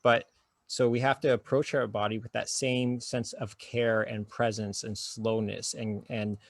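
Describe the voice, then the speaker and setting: Gravelly man guiding calmly. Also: on the low side, no room sound. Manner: slow soothing guided instructions. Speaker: guest therapist. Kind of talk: calm guiding conversation.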